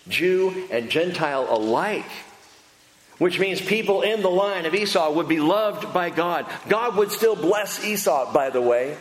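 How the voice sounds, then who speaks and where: A male pastor preaching a sermon in an animated, humorous and emphatic way. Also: medium pitch. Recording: echoey hall with faint noise.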